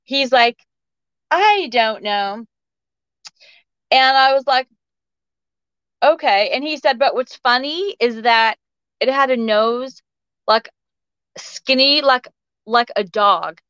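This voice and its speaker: A fairly high-pitched woman in her forties tells her story with lively energy, jumping into the voices of the people she quotes. Her voice is smooth and resonant, but the recording sounds a little dull and muffled, with no room echo. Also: slow pace, long pauses. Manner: acts out the quoted voices of others with shifts in pitch. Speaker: podcast guest. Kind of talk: animated personal storytelling. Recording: slightly muffled dry recording.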